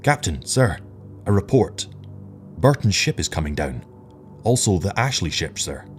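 A man voicing a hurried crewman delivering a report in a brisk, deferential way, with faint music behind. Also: sits low, sing-song. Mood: urgent.

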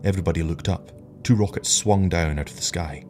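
Man, audiobook narration, very low voice, measured, faint background music.

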